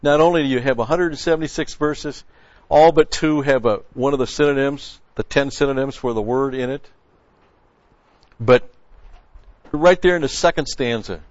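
A man's voice: mid-range voice, moderate pace, no room sound, dull audio. A man preaching a conversational sermon, folksy and blunt, quoting scripture and restarting his sentences often.

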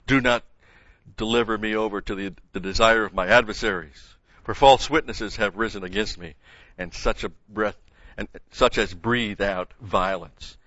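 A man preaching a sermon, reading a psalm aloud with strong emphasis and slowing down on key phrases. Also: a bit bright, dry recording. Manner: emphatic, rises in pitch and volume when reading scripture. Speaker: pastor. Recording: dull lo-fi sound.

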